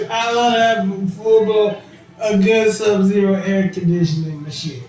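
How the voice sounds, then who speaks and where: A man hosting a podcast, telling a funny story in casual chat, laughing and acting out what people said. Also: high voice. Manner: animated storyteller, laughing, swearing, acts out quotes. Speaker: podcast host. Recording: very echoey room.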